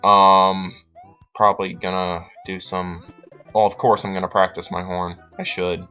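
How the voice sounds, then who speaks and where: Brief: late-teen boy, lowish voice with a bright edge, rambling self-mocking game commentary. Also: flat delivery, measured pace. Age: late teens. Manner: rambling, self-deprecating chatter. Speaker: let's play host. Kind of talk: gameplay commentary. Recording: dull lo-fi sound. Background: faint game music.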